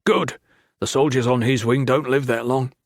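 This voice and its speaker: A man's voice: medium pitch, steady tone, moderate pace, no echo, studio quality, natural voice. A man voicing a wisecracking young male cadet who teases his friends with joking banter in an audiobook.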